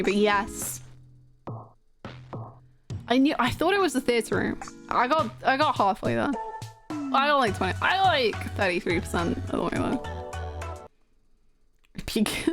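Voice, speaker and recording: A woman streaming a video game, chatting casually and giggling, poking fun at herself. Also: medium pitch. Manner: giggly, chatty, self-mocking. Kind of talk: casual let's-play chat. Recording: game music playing underneath. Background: game music.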